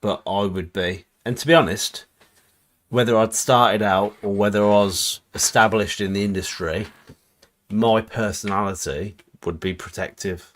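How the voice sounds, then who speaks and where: Co-host, lowish voice, chatty and bantering, casual stream talk. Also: male voice, steady tone, a little slow, fairly bright tone. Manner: chatty, banters, reads viewer comments aloud. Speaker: livestream co-host reading chat comments. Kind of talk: casual chat on a livestream.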